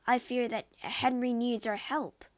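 A woman reading as a worried, loyal gentleman. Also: very high voice, fairly even intonation, a little slow, no echo, voice pushed up. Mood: concerned. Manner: earnest, concerned. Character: worried, loyal male lawyer friend.

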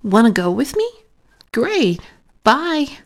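Bossy scheming little girl, read by a woman, high and whiny, lively pitch. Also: takes it slowly, exaggerated voice. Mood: sly.

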